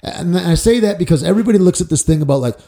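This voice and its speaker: A man's voice: sits high, lively intonation, very fast, gravelly, mellow. A man talking as a podcast guest in casual chat, rambling and emphatic and swearing freely. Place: basement studio.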